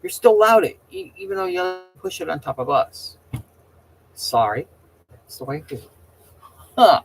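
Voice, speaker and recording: A man's voice: a little high, very animated, normal speed, gravelly, soft background music, poor audio. Rambling opinionated middle-aged man. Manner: rambling and opinionated, with frequent restarts and stammers. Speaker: host chatting with viewers. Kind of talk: casual rambling chat.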